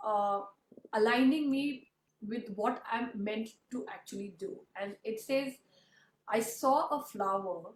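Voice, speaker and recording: Earnest woman host in a roomy room. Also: fairly high pitch. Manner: earnest, reflective, rambling with many fillers. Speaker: interview host. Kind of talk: casual conversational interview. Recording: roomy sound with faint background noise.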